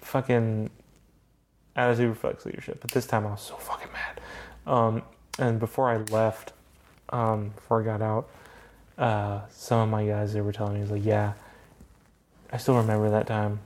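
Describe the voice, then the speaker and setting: A man's voice: lowish voice, flat delivery, moderate pace, darkish tone, slight background noise. A young man hosting a casual chat podcast, telling a story in a heated, profane way. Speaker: podcast host.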